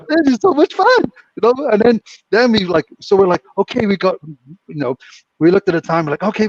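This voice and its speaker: A man's voice: sits high, dry recording. A British man co-hosting a casual chat, telling rambling stories with frequent laughs. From Britain. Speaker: co-host. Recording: distant muffled mic.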